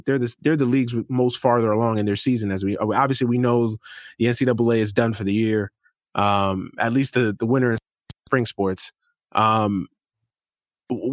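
A young man hosting a casual sports podcast, talking in an animated, slangy way and swearing freely. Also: mid-range voice, dry recording, studio quality. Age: young adult. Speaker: podcast host.

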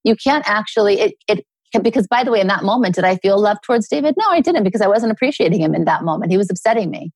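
A middle-aged woman, a guest author, talking earnestly in a relaxed interview and telling personal stories. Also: mid-range voice, fast talker, few pauses, slightly rough, dry recording. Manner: earnest, storytelling with acted quotes.

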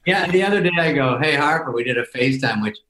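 A middle-aged man tells casual stories as a podcast guest in a mid-range voice. His delivery is dry and self-mocking, with quick mimicry of other people. The room has a noticeable echo. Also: mid-range voice, animated, sharp tone. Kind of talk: casual storytelling chat.

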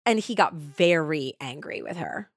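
A woman's voice: deep voice, lively intonation, measured pace, dry recording, studio quality. A woman hosting a podcast, casually retelling a true-crime case and peppering it with "like". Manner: chatty retelling with frequent "like". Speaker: podcast host.

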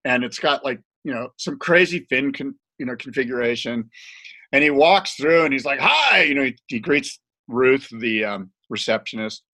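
A man telling stories in a casual podcast chat, animated and laughing, acting out other people's voices. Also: mid-range voice, normal speed. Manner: animated, laughing storyteller who acts out voices.

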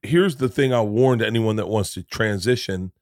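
A middle-aged man talks in a low register and tells a long anecdote full of asides and cursing. The studio mic is close and dry, with no room sound. His delivery sounds loose and conversational. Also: normal speed, dry recording. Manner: storytelling, profane, animated asides. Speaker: podcast guest. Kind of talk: casual chat.

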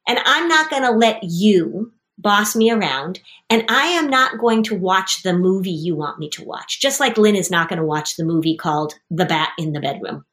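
A woman hosting as a parenting coach, guiding a mother and child with animated stories and acted-out quotes. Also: mid-range voice, moderate pace, few pauses. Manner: animated storytelling, acting out quoted voices. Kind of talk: coaching conversation.

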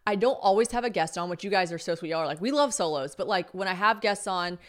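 Fast-talking woman podcast host. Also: fairly low pitch. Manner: fast, animated storytelling with quoted dialogue and swearing. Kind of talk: solo podcast chat.

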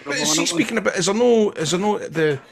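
A man's voice: sits high, very animated, a little fast, vocal fry, crowd noise. Scottish man, chatty podcast co-host. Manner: enthusiastic, conversational. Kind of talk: casual podcast chat.

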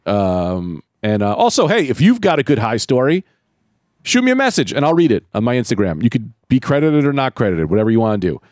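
A man's voice: medium pitch, no room sound, clean studio sound. A man hosting a podcast in casual chat, telling stories and acting out quotes. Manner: animated storyteller, acts out quotes. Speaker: podcast host. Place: room above a comedy club.

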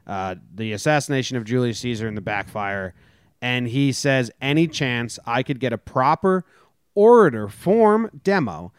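Male co-host, relaxed chat, smooth voice, dry and close. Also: medium pitch, moderate pace, dry recording. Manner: laid-back, reads chat requests. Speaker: podcast co-host. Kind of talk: casual chat.

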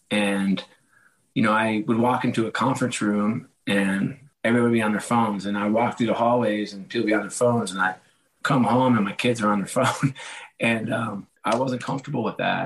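A hoarse middle-aged man in a casual interview, telling animated stories and acting out the voices of the people in them. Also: on the low side, low-quality recording. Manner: animated, acts out quoted voices. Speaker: author and guest.

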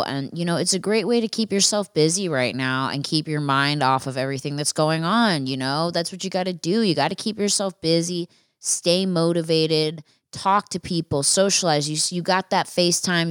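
A young woman hosts a solo podcast with a low, smooth voice, chatting frankly and casually with plenty of swearing and fillers. The sound is dry and close. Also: dry recording. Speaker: podcast host. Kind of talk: casual storytelling monologue.

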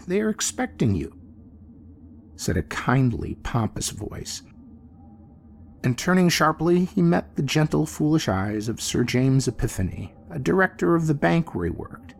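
A man narrating a classic horror story in an expressive, theatrical manner. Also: medium pitch, gravelly, slight background noise. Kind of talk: dramatic horror story reading. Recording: faint music bed behind.

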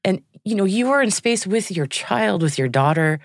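A woman's voice: mid-range voice, expressive, normal speed, dry recording, studio quality. A young adult woman hosting a podcast, asking questions in an effusive, rambling way full of "like" and "you know". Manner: warmly effusive, rambling with fillers. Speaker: podcast host. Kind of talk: interview questions.

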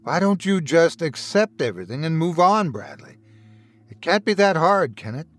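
A man voicing a menacing, mocking male doctor who taunts in a slow, hushed voice. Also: on the high side, sing-song.

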